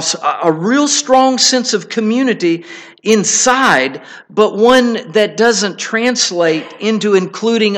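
A middle-aged man preaching a sermon, telling a personal story in an earnest, halting way with many restarts. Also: high voice, fairly bright tone.

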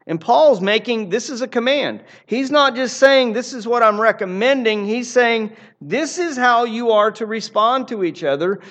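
A man's voice: very high-pitched, expressive, normal speed, hardly any pauses, a bit bright. A man preaching a sermon in an earnest, emphatic way, often repeating phrases for emphasis. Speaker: pastor.

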